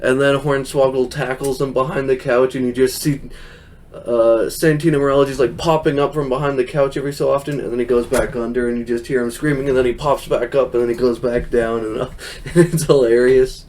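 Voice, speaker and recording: A man's voice: medium pitch, steady tone, a little fast, darkish tone. A young man hosting a podcast, recapping a show in casual, rambling chat, laughing often and quoting people in silly voices. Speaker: podcast host.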